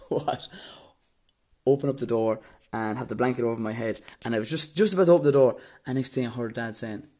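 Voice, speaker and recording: A man's voice: mid-range voice, brisk, warm tone. A young man from Waterford with an Irish accent, casually telling a story to the camera and often breaking into laughter. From Ireland.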